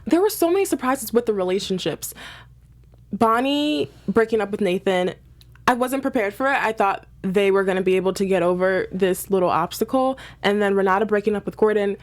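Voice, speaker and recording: A woman hosting a TV recap in casual chat, animated, leading the talk and asking her co-host questions. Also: mid-range voice, a little fast.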